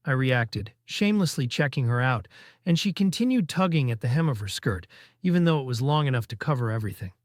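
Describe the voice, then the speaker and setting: A man reading a first-person story aloud, delivering teasing dialogue briskly. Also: mid-range voice, lively intonation, dry recording, studio quality.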